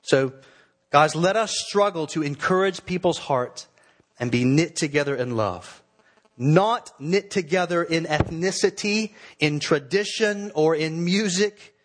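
Pastor preaching an earnest sermon, a man with a somewhat high voice who leans on key words. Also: animated. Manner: earnest, exhorting, with slowed emphatic phrases.

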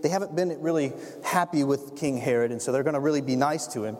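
A man preaching a sermon as a pastor, telling the story in an animated way and acting out the scenes. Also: medium pitch, fast. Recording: long hall reverb.

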